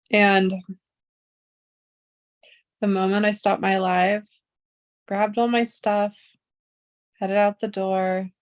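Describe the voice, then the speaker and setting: A young woman recounts her day to her viewers in a casual storytime vlog. She is chatty and exasperated, and she swears freely as she goes. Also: mid-range voice. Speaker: vlogger.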